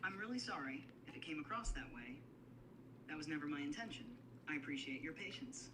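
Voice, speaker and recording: A man's voice: fairly high pitch, a little fast, heavy background noise. A text-to-speech male AI assistant voice, apologetic and formal in its replies. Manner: apologetic, even-toned and formal.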